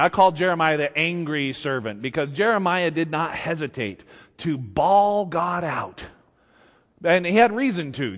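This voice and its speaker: Conversational preacher, ringing reverb. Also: male voice, a little high, a bit bright. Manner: conversational and humorous, acting out scripture. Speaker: pastor. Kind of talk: sermon. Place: church sanctuary.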